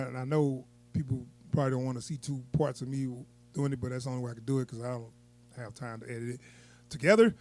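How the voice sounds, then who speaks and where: A man's voice: medium pitch, darkish tone. A man giving a casual, unscripted movie review, rambling and chuckling as he goes.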